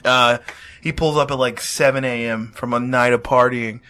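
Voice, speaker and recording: A man's voice: medium pitch, steady tone, normal speed, clear, resonant tone. A man co-hosting a casual podcast, telling favorite movie scenes with plenty of laughter. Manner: laughs while telling stories, shouts out impressions. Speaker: podcast co-host. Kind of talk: casual chat.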